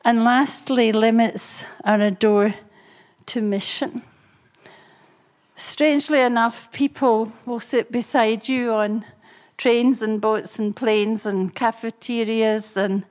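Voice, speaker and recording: An older woman, preaching and telling personal stories in a lively way, chuckling often. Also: fairly high pitch. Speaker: speaker and couple therapist. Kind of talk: preaching with storytelling.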